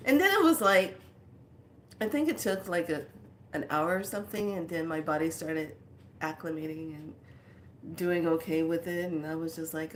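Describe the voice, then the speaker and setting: Woman from California, lowish voice, chatty and rambling, spiritual-consultant host talking to her viewers, faint hiss behind. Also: animated, takes it slowly, pauses often. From California, United States. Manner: chatty, rambling, laughs often, dramatizes stories. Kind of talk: casual livestream chat.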